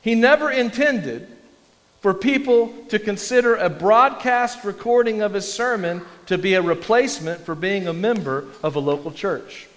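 A pastor with a high-pitched, somewhat bright voice preaches at a moderate pace. His sermon is conversational and pokes fun at himself, and the sanctuary's big space gives the sound a long echo.

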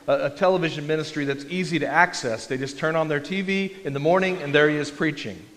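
A man's voice: a little high, a bit bright. A man preaching a conversational, self-deprecating sermon in a church. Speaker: pastor. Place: church sanctuary. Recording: long reverb of a large hall.

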